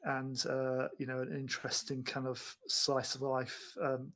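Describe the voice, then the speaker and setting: A man's voice: medium pitch, monotone, unhurried, fairly bright tone. Rambling man talking films. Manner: rambling, many restarts and fillers. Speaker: film podcast co-host. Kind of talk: casual film discussion.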